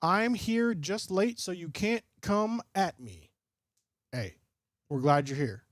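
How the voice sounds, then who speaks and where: A young man streaming live football play-by-play and reaction, joking with his chat in an excitable, playful way. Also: sits high, slow, dry recording. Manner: excitable, jokey, talks straight to chat.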